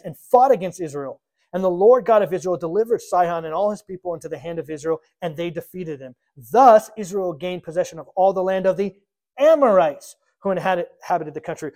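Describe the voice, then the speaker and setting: A man's voice: on the high side, a little mellow. A man preaching a sermon, reading scripture aloud and explaining it, acting out the quotes in a casual modern voice. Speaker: pastor.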